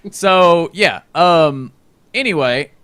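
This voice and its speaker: A man's voice: fairly high pitch, animated, takes it slowly, sharp tone, clean tone, no room sound. A man hosting a tabletop game stream over a voice call, chatty and joking, laughing and swearing. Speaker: stream host. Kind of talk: casual chat.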